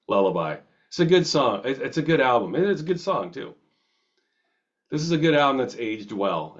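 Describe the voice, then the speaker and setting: Casting note: male music host, lowish voice, chatty record-review style, slightly muffled lo-fi audio. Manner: rambling, chatty, self-interrupting with restarts.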